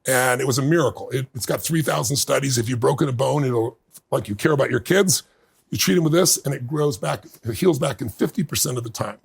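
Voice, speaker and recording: A man's voice: mid-range voice, fairly quick, gravelly, husky. A man in his fifties, a podcast guest telling a story in casual conversation and acting out the people he quotes. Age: 50s.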